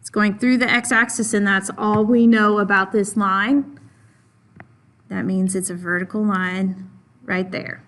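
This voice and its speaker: A woman's voice: mid-range voice, flat delivery, a little slow, a bit bright. A woman teaching a math lesson, patiently stressing and repeating key points and answering her own questions for the class. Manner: asks questions of the class and answers them herself.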